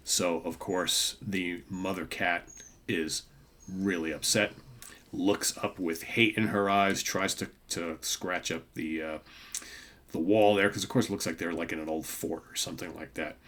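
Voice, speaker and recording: His voice is low-pitched and fairly bright, with a steady tone and a slightly slow pace. A man in his fifties who hosts a comic book podcast, he rambles through casual show-and-tell commentary packed with fillers, asides, and tag questions.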